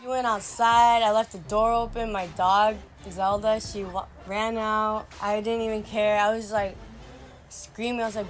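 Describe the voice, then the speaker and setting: Slangy young woman telling a dramatic story. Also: medium pitch. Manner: animated, dramatic retelling with sudden loud quoted outbursts; many "like" fillers, slangy talk. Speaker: storyteller vlogger. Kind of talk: casual storytime vlog.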